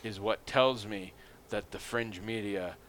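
A man's voice: lowish voice, measured pace, background noise. A man from the United States in casual conversation, who talks playfully and acts out scenes in silly voices. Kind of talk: casual chat.

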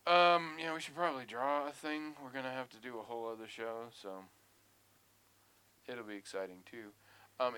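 A man chatting on a podcast with a bright, forceful voice. He rants in an animated, profane way and swings into mock outrage as he tells a story. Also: medium pitch, clear, resonant tone. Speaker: podcast co-host. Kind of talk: casual chat.

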